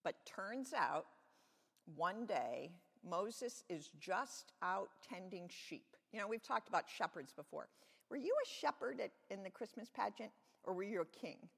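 A woman's voice: medium pitch, very animated, measured pace, creaky, fairly bright tone, husky, in a large hall. Woman telling a children's sermon. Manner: friendly, explaining simply to children. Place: church sanctuary.

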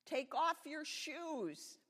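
A solemn, thundering voice of God from a children's Bible story, as a woman puts it on. It is raised and loud, with a gravelly edge. It rings through an echoey church hall. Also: fairly high pitch, animated, slow pace, voice pushed up, heavily acted. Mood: commanding.

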